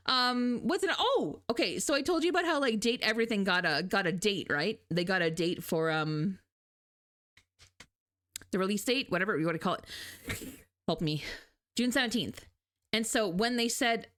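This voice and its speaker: A woman's voice: medium pitch, normal speed, a bit bright. A woman from Canada with a Canadian accent, chatting casually on a live stream, rambling and laughing often as she reads her chat.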